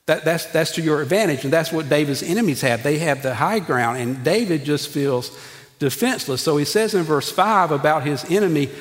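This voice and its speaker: Preacher guy, kinda high voice, folksy asides, church reverb all around. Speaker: pastor. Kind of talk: sermon. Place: church sanctuary. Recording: long reverb of a church hall.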